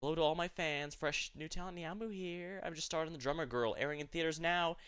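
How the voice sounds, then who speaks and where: A worn-out young catgirl drummer with a slow Southern drawl, as a man puts her on while reading a game story. The voice sits bright and clean, lifted a little higher than his own. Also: smooth, close to an everyday voice. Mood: weary. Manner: drawling, laid-back.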